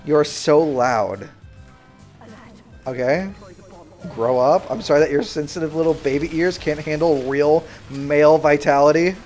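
A young man livestreaming a game, bantering loudly and sarcastically with his chat in mock outrage. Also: on the high side, a little slow, faint music behind. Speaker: streamer. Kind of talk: live gaming stream chatter.

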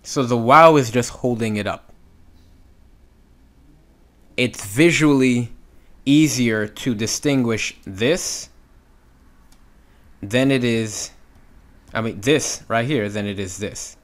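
A man's voice: medium pitch, slow pace, long pauses, fairly bright tone. A man teaching Hebrew reading, patiently sounding out letters and syllables step by step. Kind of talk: instructional walkthrough.

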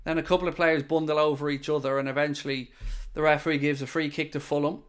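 Excitable Dublin Irish man, fairly high voice. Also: fast talker, smooth. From Ireland. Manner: excitable, reacting out loud to live play; chatty, answering viewer comments. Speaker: watchalong host. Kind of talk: live football watchalong commentary.

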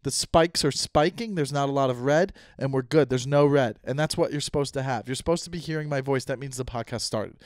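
A man's voice: mid-range voice, brisk, few pauses, a little mellow, no room sound, studio quality. A man in his thirties hosting a solo podcast, rambling and talking to himself with self-mocking asides. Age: 30s. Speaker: podcast host. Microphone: studio mic.

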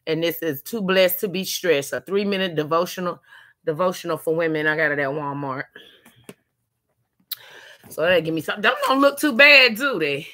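A woman's voice: fairly low pitch, lively intonation, normal speed, bright, forceful tone. A middle-aged woman, chatting casually and laughing often with viewers on a live stream while she is tired.

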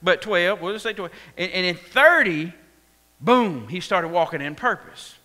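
Speaking a little slowly, a Texan man preaches in a church sanctuary where a long reverb trails his words. His voice sits high, bright, and leaps around as he animatedly acts out the story.

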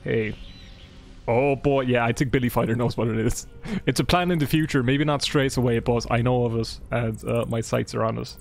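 A man's voice: mid-range voice, moderate pace, vocal fry. A man streaming a game live, rambling casually, joking and swearing as he chats with viewers. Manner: rambling, chatty, swears and jokes with chat. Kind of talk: casual live gameplay commentary. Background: game music.

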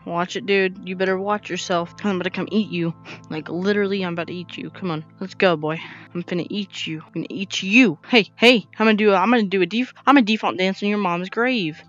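A male gaming YouTuber giving casual, jokey commentary while playing, talking to himself with sudden loud outbursts. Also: high voice, quick pace, faint music behind. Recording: dull lo-fi recording.

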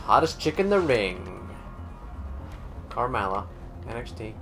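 A man giving live gameplay commentary, excitable and swearing a lot, talking at the enemies on screen. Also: medium pitch, measured pace, creaky, music in the background. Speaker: gamer doing a let's play.

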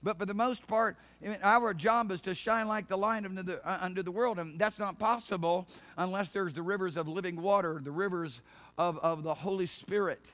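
A male pastor preaching a sermon, repeating his points, laughing and saying hallelujah, and rising to loud fervent cries of prayer. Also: sits high, fairly even intonation, fairly quick.

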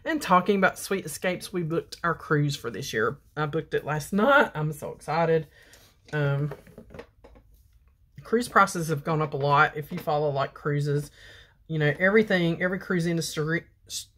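A woman talks casually to her viewers while she applies makeup. She tells a long personal story in a loose, rambling way and keeps stopping to name the products she is using. Her voice sits a little low for a woman. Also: normal speed, a bit bright. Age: 50s. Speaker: beauty vlogger.

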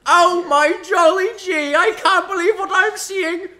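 A woman's voice: very high voice, a little slow, bright, forceful tone, pitched above the performer's own voice, exaggerated voice. A woman putting on a silly posh British commentator voice, plummy and drawn out while calling a fighting game match. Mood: giddy posh. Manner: plummy, giddy, stretched-out words. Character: over-the-top posh British male commentator. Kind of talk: mock British caster bit.

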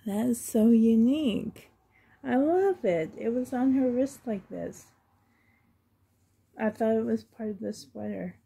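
A woman's voice: on the high side, expressive, measured pace, gravelly, pauses often, mellow, slightly rough. A woman vlogging as she unboxes a reborn doll, gushing fondly and often dropping to half-whispered asides. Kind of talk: unboxing vlog chat.

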